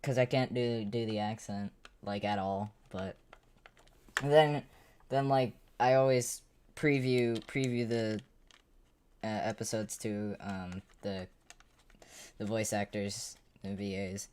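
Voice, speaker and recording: A woman's voice: rumbling low, steady tone, takes it slowly, pauses often, a little mellow. A woman streamer chatting casually on a livestream, rambling, swearing and talking to herself as she tinkers with gear. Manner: rambling, swears, talks to herself while working.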